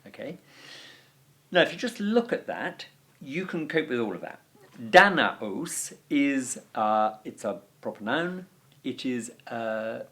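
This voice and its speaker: A man teaching a video lesson, talking his viewers through each step with a casual "okay?" and "you know". His pitch swoops about with animated emphasis, in a mid-range voice. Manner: animated explaining, chatty fillers. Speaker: Latin teacher.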